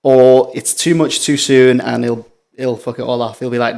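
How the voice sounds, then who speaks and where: A man's voice: mid-range voice, flat delivery, normal speed, gravelly, darkish tone. A man with an English accent in a casual chat among referees, blunt and swearing casually. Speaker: referee, podcast co-host.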